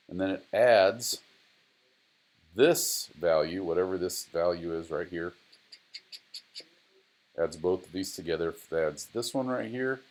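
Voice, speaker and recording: A middle-aged man, a driving instructor, talks casually through a screen-recorded data tutorial, repeating himself and chatting to his software. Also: low voice.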